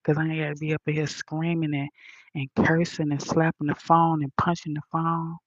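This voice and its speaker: A woman ranting bluntly and profanely to her viewers, talking softly into a headphone mic at home in a condo. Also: deep voice, flat delivery, normal speed, no room sound, highs cut off. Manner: blunt, profane, soft-spoken. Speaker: vlogger. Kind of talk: casual rant to viewers. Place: high-rise condo.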